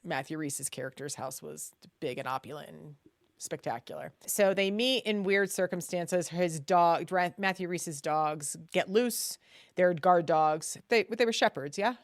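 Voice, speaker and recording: A woman with a fairly low voice talks through a TV series in casual chat, animated and chatty. She sometimes bursts into loud, exasperated asides. The sound is dry and close to the mic. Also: unhurried, no room sound. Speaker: podcast co-host.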